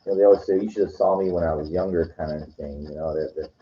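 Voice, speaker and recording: Man, very low voice, casual rambling monologue, lots of fillers and restarts, dull lo-fi sound. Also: steady tone, fast. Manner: meandering, heavy on "you know" and "like", frequent restarts. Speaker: weekend vlogger. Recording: dull lo-fi recording.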